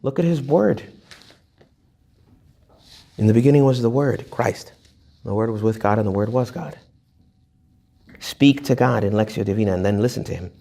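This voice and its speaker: This retreat speaker's mid-range voice is creaky, moving at a normal speed with long pauses. Animated and jokey, he entertains young adults and acts out small quoted voices.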